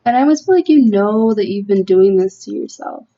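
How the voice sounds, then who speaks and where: A woman's voice: mid-range voice, expressive, fairly quick, dark tone, muffled recording. A woman giving a casual, heartfelt tarot reading, earnest and emotional, talking with many fillers and restarts. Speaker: tarot reader.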